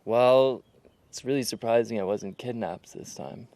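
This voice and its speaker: A man's voice: medium pitch, unhurried, a little mellow, dry recording. A young man and actor, chatting in an interview with dry, teasing humor. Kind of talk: casual interview chat.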